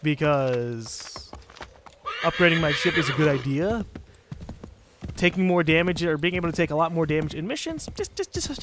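A North American man talks through a video game in loose, profane let's play commentary. His voice sits high and swings widely in pitch, jumping up whenever something excites him. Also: a little hiss or hum. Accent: central North American. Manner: casual, excitable, swears freely. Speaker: gaming commentator.

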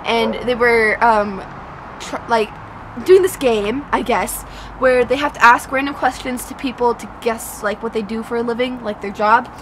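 A woman's voice: on the high side, normal speed. A young woman vlogger chatting casually outdoors, giggly and self-mocking, laughing often. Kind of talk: casual vlog chat. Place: outdoors by a train line and highway. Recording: loud outdoor noise of rain and traffic. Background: light rain, passing train and traffic.

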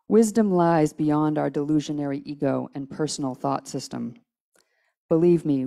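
Woman preacher, low-pitched and mellow, casual conversational sermon, tired. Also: creaky. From United States. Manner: casual, chatty, with restarts and acted-out quotes. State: tired from little sleep. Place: church sanctuary.

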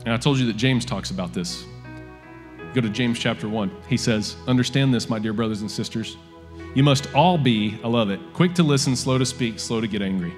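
A male pastor, preaching a sermon in a lively, conversational way with frequent asides to the congregation. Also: mid-range voice, brisk. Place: church auditorium. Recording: long hall reverb with faint music.

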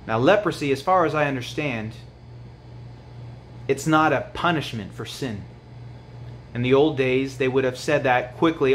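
A man preaching a sermon to other men, swinging from hushed, low lines to loud, pleading highs. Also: measured pace, pauses often.

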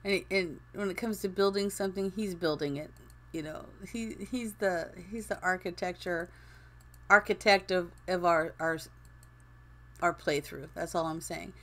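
A woman's voice: fairly low pitch, unhurried, a bit bright. Casual woman streamer in her fifties, rambling and laughing as she plays. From Phoenix, Arizona. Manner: chatty, rambling, laughs often. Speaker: streamer and game builder. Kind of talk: casual chat while gaming.

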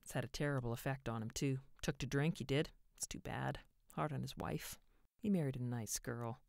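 A woman's voice: a bass voice, moderate pace, gravelly, a little mellow, no echo. A chatty small-town businessman talks in a drawling, colloquial storybook voice, put on by a woman reading aloud. The sound is dry and close.

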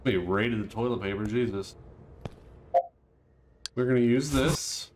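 A man's voice: mid-range voice, a little slow, a little hiss or hum. Jokey man commentating a horror game. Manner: jokey, panicky yelps and shouts when scared. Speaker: let's play gamer.

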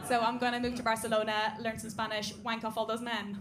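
Irish woman doing stand-up, highish voice, deadpan then loud bits, noisy club crowd behind. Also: brisk. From Ireland. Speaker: stand-up comedian. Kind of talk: stand-up comedy set. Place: comedy club stage before a live audience. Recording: live club recording with audience noise.

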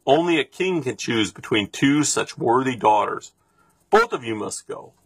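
Storybook: man voicing a dignified father, husky and plain. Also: medium pitch, expressive, moderate pace, fairly bright tone, no room sound. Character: proud gentle father, Mufaro.

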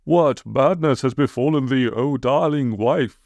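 A man's voice: mid-range voice, a little mellow, dry recording. A man doing a grand, old-fashioned hero. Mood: earnest. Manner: slow, archaic, theatrical.

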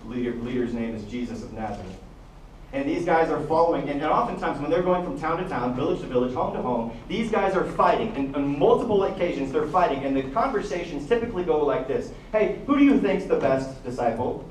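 A man preaching a sermon as the pastor, telling Bible stories and acting out the quotes in lively voices. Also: a little high, fast talker, roomy sound, far from the mic, slight background noise, poor audio. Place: church hall.

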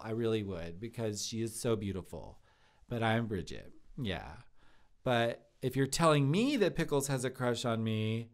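A man's voice: mid-range voice, natural voice. A man playing Bridget, a gushing chatty waitress. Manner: rambling, giggly, lots of "like" fillers. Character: chatty young woman restaurant lead server, bubbly. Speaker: live-stream comedy host in character. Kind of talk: improvised character comedy.

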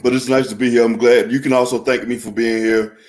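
A man playing a hesitant old inventor at a comedy roast, halting with many fillers. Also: mid-range voice, flat delivery, a little mellow, lightly acted.

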